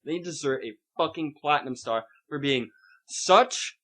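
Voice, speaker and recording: A man's voice: a little high, fairly quick, a bit bright. Young man, podcast co-host, casual chat, cursing, sarcastic, ranting.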